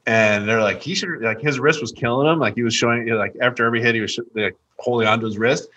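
A man's voice: medium pitch, fast, bright, forceful tone, muffled recording. A man co-hosting a podcast, chatting casually about golf with a rambling, restart-heavy way of talking. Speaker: podcast co-host. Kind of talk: casual sports chat.

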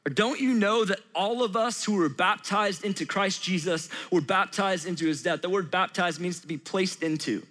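A man's voice: high voice, normal speed, hardly any pauses, a bit bright. A young adult man preaching a sermon as a pastor, earnest and conversational, repeating his phrases for emphasis. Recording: long reverb of a large hall.

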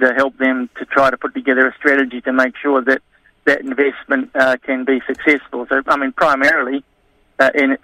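A man answers interview questions haltingly, full of ums and restarts. His voice is crisp and tense but stays very flat in pitch. The sound is dry and close. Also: dry recording, low-quality recording. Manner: hesitant, many fillers and restarts. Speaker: interview guest. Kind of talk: conversational interview.

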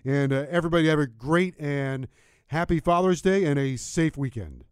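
Relaxed man guest-hosting sports radio. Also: fairly high pitch, normal speed, clean tone, no echo, clean studio sound. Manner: relaxed, chatty, laughs easily. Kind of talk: casual sports radio chat.

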